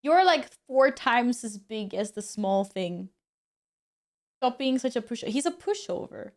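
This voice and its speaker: Chatty woman streamer, slightly high voice. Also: animated, measured pace. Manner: chatty, laughing often, exclaiming. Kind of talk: casual chat, reading chat and commenting on her cats.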